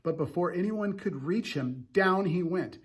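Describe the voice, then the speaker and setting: A young adult male teacher reading a novel aloud to students, stopping for casual, halting explanations. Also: high voice, animated, slightly rough.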